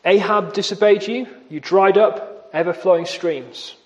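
High-voiced preacher in a reverberant hall. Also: male voice, unhurried, highs cut off. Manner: earnest, emphatic, repeats key phrases. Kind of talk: sermon. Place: church. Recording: long reverb of a church hall.

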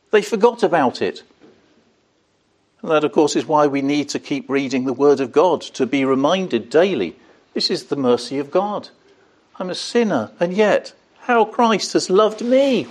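An older man preaching an evening sermon in an earnest way, asking rhetorical questions and rising on key words. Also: high voice.

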